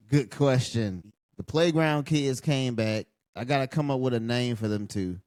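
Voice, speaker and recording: A man's voice: mid-range voice, normal speed, hardly any pauses, a little mellow, no room sound, clean studio sound. A man reviewing a wrestling show late at night, tired, blunt and profane in his mocking running commentary. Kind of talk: casual ranting commentary over a live show.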